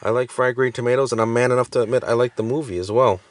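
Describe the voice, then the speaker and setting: A man's voice: mid-range voice, fairly even intonation, fast, slight background noise. A man in his thirties co-hosting a podcast in casual chat, hesitant with many fillers and restarts. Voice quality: hesitant, many uhs and self-corrections. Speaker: podcast co-host.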